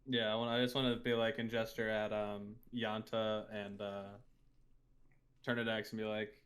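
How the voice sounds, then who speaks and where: A man with a lowish voice plays a tabletop game with friends. He talks casually and sounds amused. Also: level tone, normal speed, fairly bright tone. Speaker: player.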